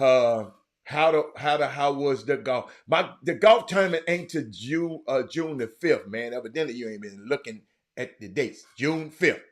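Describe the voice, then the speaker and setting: A man hosting a casual livestream, reading viewer comments and greeting people by name in an animated, loose way. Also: medium pitch. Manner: animated, shouts out viewers by name, drifts off-mic. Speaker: livestream host.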